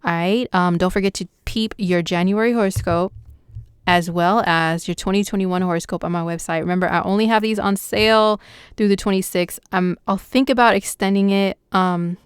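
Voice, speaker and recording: A young woman astrologer talks through the week's horoscope in a loose, excitable, slangy chat. Her voice is very smooth and crisp, mid-pitched, and recorded close and dry with no room sound. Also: moderate pace, dry recording. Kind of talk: casual horoscope vlog.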